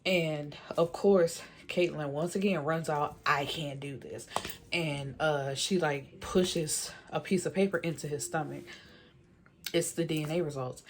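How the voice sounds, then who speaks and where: A woman with a low voice talks through a movie's plot in a loose, chatty way, leaning on "like" and "you know". She sounds opinionated and exasperated with the characters, tossing in slangy asides as she goes. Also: darkish tone, slight background noise. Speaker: movie reviewer. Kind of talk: casual movie recap.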